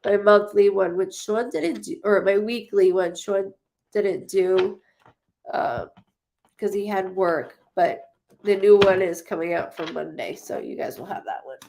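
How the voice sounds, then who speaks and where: Chatty woman with a gravelly voice. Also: medium pitch, measured pace, darkish tone, slight background noise. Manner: chatty, effusive, swears casually. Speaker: psychic medium host of a live stream. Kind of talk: casual livestream chat reading comments.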